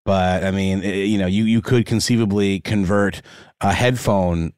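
A man co-hosting a talk show in a fairly low voice. He rambles and hedges, circling back on his words with many fillers. The sound is dry and close. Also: steady tone, normal speed, darkish tone, clear, resonant tone, no room sound. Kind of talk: casual talk show banter.

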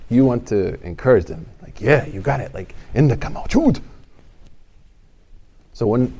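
A man's voice: medium pitch, warm tone. A man giving a casual lecture as a religious studies teacher, joking and conversational, at times rising into emphatic exhortation.

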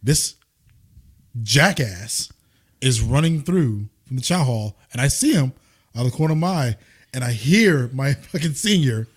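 A man's voice: medium pitch, measured pace, breathy edge. A man emphatically telling profane stories in casual chat. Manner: emphatic, profane, lively storytelling. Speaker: veteran guest.

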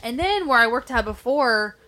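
A young woman co-hosting a casual podcast, with a voice a touch on the high side. She tells stories bluntly, swearing freely and breaking into laughs. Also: lively intonation, normal speed, sharp tone. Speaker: podcast co-host. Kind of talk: casual chat.

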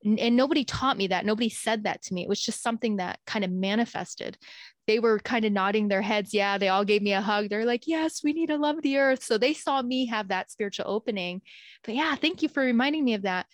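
A woman's voice: medium pitch, fast talker, no echo. Earnest woman telling a spiritual story. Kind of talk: casual spiritual conversation.

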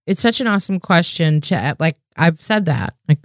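A woman's voice: fairly low pitch, animated, a little fast, no room sound, studio quality. A woman co-hosting a podcast, chatting enthusiastically and repeating herself, with lots of filler words. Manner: enthusiastic, repetitive, uses "like" a lot. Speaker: podcast co-host. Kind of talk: casual podcast chat.

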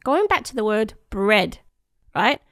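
A woman's voice: mid-range voice, sing-song, measured pace, fairly bright tone, dry recording, studio quality. A woman hosting a casual podcast chat, retelling a news story and often breaking into giggles. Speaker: podcast host.

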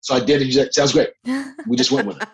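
A middle-aged man, an actor, telling anecdotes in a casual interview, animated and laughing along the way. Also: a little high, very fast, creaky, low-quality recording. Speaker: actor, guest.

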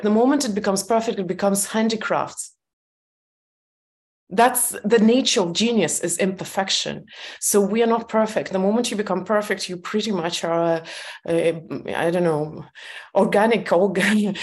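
A woman's voice: mid-range voice, darkish tone. A woman guest on a podcast interview, speaking candidly about her own life and laughing often between her thoughts. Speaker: guest author.

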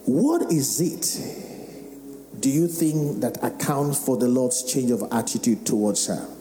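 A man, a pastor giving an animated sermon and firing questions at the congregation. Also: mid-range voice, measured pace. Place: large worship hall. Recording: echoey hall with faint music.

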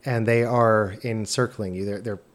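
A man's voice: on the low side, fairly even intonation, moderate pace. A man narrating a tabletop game as game master, descriptive and sometimes stumbling over his words.

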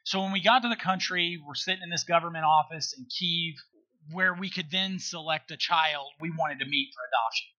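Middle-aged man, high bright voice, emphatic storyteller who keeps checking in with his listener. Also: fairly quick, lo-fi sound. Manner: earnest, emphatic, checks in with rhetorical questions. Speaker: guest. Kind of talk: conversational storytelling.

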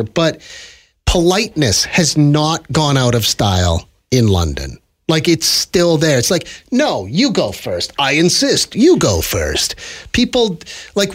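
Animated podcast co-host. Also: male voice, a little high. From Canada. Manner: animated, emphatic storyteller. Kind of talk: casual chat.

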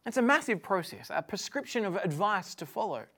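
A woman preaching a sermon to viewers, in a conversational, animated way that swings from hushed to loud. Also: medium pitch, fairly quick. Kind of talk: sermon to an online audience.

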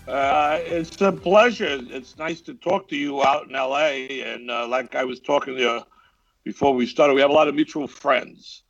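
Gravelly New York man on a video call. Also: medium pitch, no echo, highs cut off. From the Bronx, New York. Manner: relaxed storyteller with frequent "uh" pauses. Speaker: guest actor. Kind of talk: casual interview chat.

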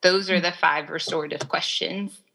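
Woman guest on a podcast, bright tone, a bit low, earnest and chatty. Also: fairly even intonation, moderate pace, poor audio. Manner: earnest, explanatory, filler-heavy with "like" and "um". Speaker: guest expert on restorative practice. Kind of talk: conversational podcast interview.

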